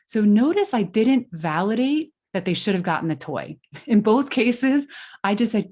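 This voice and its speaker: A woman's voice: mid-range voice, sing-song, moderate pace, a little mellow. A woman guest on a podcast, giving parenting advice in an earnest, explanatory way with frequent fillers and restarts. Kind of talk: conversational interview answer.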